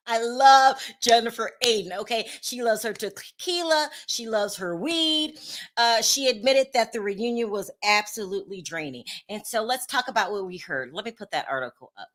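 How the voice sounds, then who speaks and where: A woman's voice: medium pitch, expressive, moderate pace, fairly bright tone. A woman hosting a casual reality TV recap, chatty and candid, laughing often and talking to her viewers in the live chat. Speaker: reality TV commentary host.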